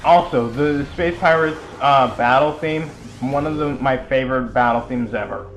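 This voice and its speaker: A man's voice: medium pitch, normal speed, a little hiss or hum. A young man giving casual, rambling commentary over a video game, full of chatty asides and fillers. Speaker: let's play commentator.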